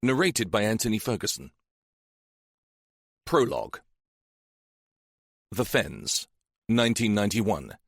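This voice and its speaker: A male narrator reads a crime thriller in a measured, atmospheric way. His voice sits on the low side and the studio sound is close and dry, with no room around it. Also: big pitch swings, gravelly, dry recording. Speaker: audiobook narrator. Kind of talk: scripted narration.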